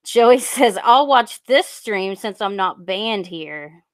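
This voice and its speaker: A young woman on a casual live stream, rambling and halting with lots of fillers as she reads out viewer comments into a USB desk mic. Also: mid-range voice, animated, no room sound.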